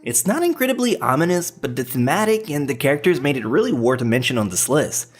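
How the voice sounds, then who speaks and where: A man from France with a clear French accent runs a scripted countdown commentary. His pitch swings widely, and he talks in a cheeky, mocking way with casual swearing. Faint music sits under his voice. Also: sing-song, quick pace. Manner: cheeky, swears, teasing jokes. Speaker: anime list host.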